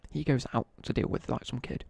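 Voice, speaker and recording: A man's voice: a little fast, a little mellow, no room sound. A young man with a British accent telling laddish school stories in casual live-stream chat while gaming. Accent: British English. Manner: chatty, laddish anecdotes with slang, asides while gaming.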